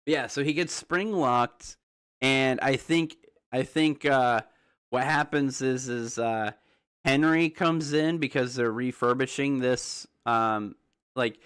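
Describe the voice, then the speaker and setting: Male streamer, casual filler-heavy rambling, average pitch, answers viewers as he goes. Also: fairly bright tone, smooth. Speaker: livestream host. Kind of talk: casual livestream theorizing.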